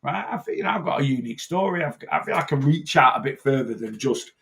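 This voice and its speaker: A man with a gravelly edge to his mid-pitched voice, chatting casually as a personal trainer. He rambles, trips over his own starts and repeats phrases as he goes. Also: lively intonation, quick pace, a bit bright. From north-west England. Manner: rambling, repeats and restarts himself. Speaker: personal trainer and weight-loss coach.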